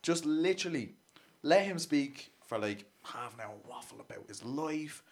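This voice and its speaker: A man's voice: a little high, expressive, normal speed. A man hosting a podcast in casual chat, rambling and swearing freely with plenty of laughs. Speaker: podcast host.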